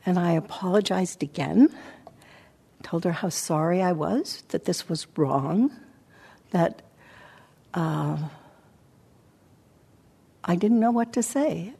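A woman's voice: fairly low pitch, gravelly, husky. Reflective woman giving a dharma talk. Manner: reflective, halting, with soft pauses. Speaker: meditation teacher. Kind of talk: dharma talk, personal storytelling. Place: meditation center hall.

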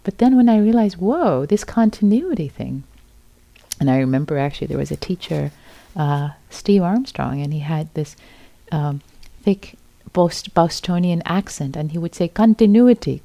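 A middle-aged woman giving a gentle, repetitive dharma talk as a meditation teacher at a retreat center. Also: lowish voice, expressive, moderate pace, vocal fry, dry recording.

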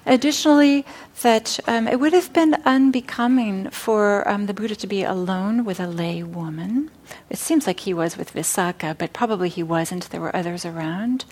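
A woman speaks at a mid pitch, unhurried and gentle as she retells an old teaching story. She pauses often and fills gaps with small hesitations. The talk is recorded in a meditation center hall. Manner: warm storytelling, hesitant fillers.

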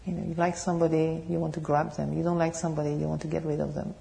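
Soft-spoken French woman teaching meditation. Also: sits low, flat delivery, rapid-fire, creaky. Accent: French with British English tone. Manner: gentle, searching, laughs softly, asks the audience questions. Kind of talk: dharma talk with Q&A. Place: meditation hall.

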